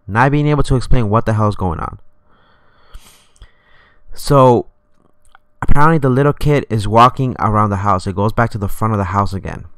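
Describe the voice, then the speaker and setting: A man with a low, smooth voice tells a spooky story on a live stream, rambling and animated and swearing often. The sound is dry and close, with little room around it. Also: dry recording.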